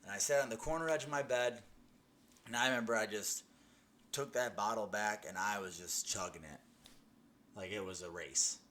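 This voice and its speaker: A man's voice: on the low side, normal speed, pauses often, pushed and bright, slight background noise. A young man giving a personal faith testimony, telling his story earnestly with many restarts and "you know"s. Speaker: testimony speaker.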